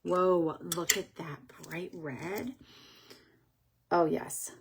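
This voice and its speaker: A woman hosting a casual beauty vlog, chatting through makeup swatches as she thinks aloud. She sometimes drops to a soft whisper and stumbles over product names. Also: on the low side, very slow, vocal fry, noisy background. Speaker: beauty vlogger host.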